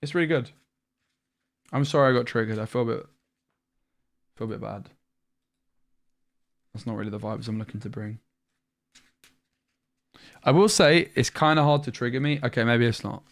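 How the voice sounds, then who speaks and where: A young British man, fatigued after a long stream, talks through a card game as he plays, thinking aloud chattily. He speaks at medium pitch and a moderate pace, leaving long pauses.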